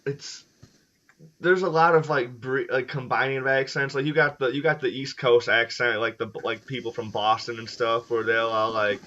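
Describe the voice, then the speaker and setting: Upbeat young American host, laughs a lot, stumbles and swears casually; bright tone. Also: male voice, mid-range voice, fairly even intonation, normal speed. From United States. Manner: laughs often, restarts sentences, casual swearing. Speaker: podcast host. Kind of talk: casual chat. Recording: dull lo-fi audio.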